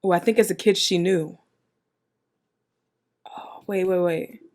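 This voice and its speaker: Woman, reaction host, casual commentary, emotional, exclamatory, slangy, lowish voice. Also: fairly even intonation, unhurried, a little mellow.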